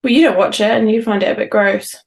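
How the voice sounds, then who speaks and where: A woman's voice: mid-range voice, fairly even intonation, fast talker, gravelly, darkish tone. A woman co-hosting a podcast, chatting casually and rambling through funny stories with self-mocking humour. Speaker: podcast co-host. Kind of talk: casual chat.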